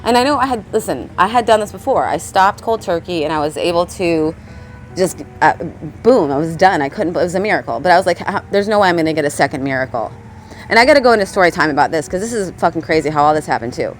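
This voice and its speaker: A woman's voice: lowish voice, lively intonation, fast, faint music behind. A woman vlogging outdoors in a scattered, casual monologue, swearing and laughing as she goes. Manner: scattered, swearing, laughs often, talks to birds around her. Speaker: spiritual vlogger. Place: outdoors among birds.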